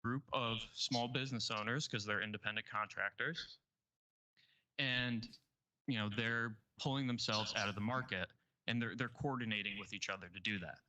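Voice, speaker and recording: A man explains an idea in a conversation played back from an earlier recording. His nasal voice sounds very bright and forward, and he leans on "you know" as he talks. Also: lowish voice, fairly even intonation, moderate pace, poor audio.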